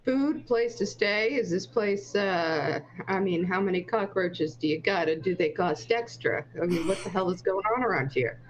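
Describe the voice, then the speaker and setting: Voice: medium pitch, normal speed, hardly any pauses, dull audio. A player in a tabletop game making dry, sarcastic quips. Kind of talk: casual tabletop play.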